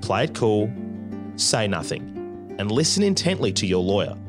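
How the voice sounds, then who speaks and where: Give me a man narrating a documentary with a lively, low voice over guitar music. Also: moderate pace. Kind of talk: scripted narration.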